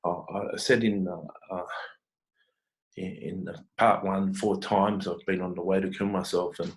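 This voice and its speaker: An Australian man vlogging, telling a personal story in an earnest, halting way with many restarts. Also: low-pitched, fairly even intonation, low-quality recording.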